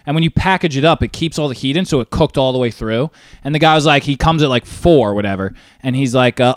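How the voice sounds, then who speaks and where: A man's voice: medium pitch, fast, no echo. Chill guy telling a story about an old job, mid voice, dry sound, swears a bit. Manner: relaxed, chatty, with swearing. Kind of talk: casual storytelling chat.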